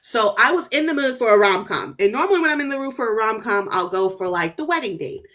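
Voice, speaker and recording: This woman in her thirties talks fast as an author guest on a podcast, telling a story in a casual, spirited way. Her voice sits on the high side, rises sharply in excited moments, and is full of "like" and "right?"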